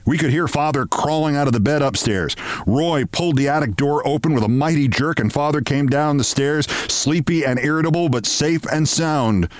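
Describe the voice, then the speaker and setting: A show host reads a comic story aloud with lively, theatrical delivery. His voice sits a little high for a man. The studio recording is dry and close. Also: moderate pace, no echo.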